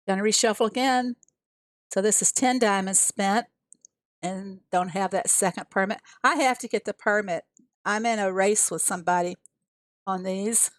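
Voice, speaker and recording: In a dry recording, an American woman with a medium-pitched voice streams a mobile farming game. Her casual commentary is chatty, as she reads chat to her viewers and talks herself through each move.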